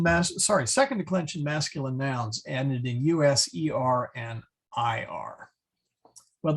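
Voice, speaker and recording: A man teaching a Latin class in a halting lecture, with many fillers and self-corrections. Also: fairly high pitch, vocal fry, breathy edge.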